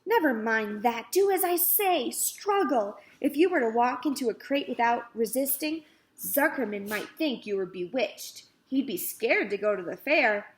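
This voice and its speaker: A woman's voice: a little high, animated, unhurried. A woman voicing a wise, bossy old sheep who gives firm, urgent orders in a storybook reading.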